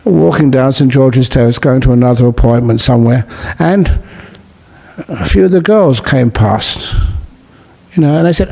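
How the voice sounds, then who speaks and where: Male Buddhist monk, dharma talk, mellow dark tone, humorous storyteller, unhurried teaching. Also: mid-range voice, vocal fry. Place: talk at a city meditation centre.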